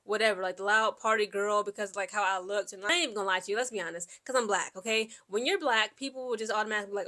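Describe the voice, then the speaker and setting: A woman's voice: medium pitch, racing. A woman from Central Ohio, telling personal stories in a vlog. She rambles, fills her talk with "like" and "okay?", and acts out what other people said to her. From Central Ohio, USA. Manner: chatty and rambling, peppered with "like" and "okay?"; quotes people in lively back-and-forth. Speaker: Air Force veteran vlogger. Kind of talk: casual personal storytelling.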